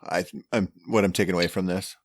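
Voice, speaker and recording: A man hosting a podcast, chatting with his guest in a relaxed, casual way. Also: low-pitched, fast, no echo. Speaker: podcast host. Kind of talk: casual interview chat.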